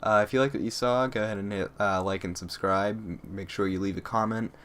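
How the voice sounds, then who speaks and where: A young man vlogging, telling a story excitably and acting out quotes with lots of "like"s. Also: lowish voice, a little fast, slight background noise. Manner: excitable, acts out quotes, many "like"s. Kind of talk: casual storytelling to camera.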